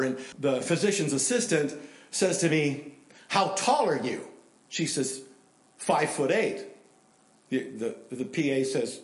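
A man preaching a sermon, telling stories and acting out the people in them, sometimes shouting. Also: mid-range voice. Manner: animated storyteller, acts out quotes and shouts for emphasis. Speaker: pastor. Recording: echoey room.

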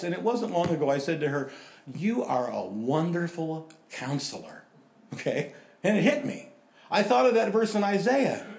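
Older male pastor, storytelling sermon, slightly high voice, reverberant room. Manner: storytelling, animated with sudden loud emphasis.

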